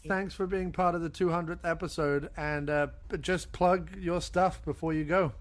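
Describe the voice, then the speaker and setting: A man's voice: on the high side, steady tone, normal speed. A man hosting a podcast, chatting casually with frequent laughs and reading a listener's email aloud. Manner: easygoing, laughs often. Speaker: podcast host.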